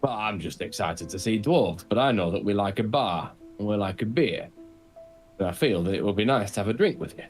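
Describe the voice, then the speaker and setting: A man's voice: on the low side, animated, fairly quick, faint music behind, pitched below the performer's own voice, close to an everyday voice. A man voicing an eager, nosy young male dwarf with a Scottish accent, chatty and pushy, firing off question after question in improvised tabletop role-play. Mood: eager, prying.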